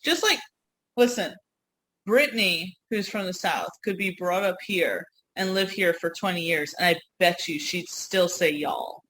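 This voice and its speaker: A woman from Yonkers with a New York accent, co-hosting a podcast in rambling, animated casual chat. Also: on the low side, unhurried, a little hiss or hum, rough recording. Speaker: podcast co-host.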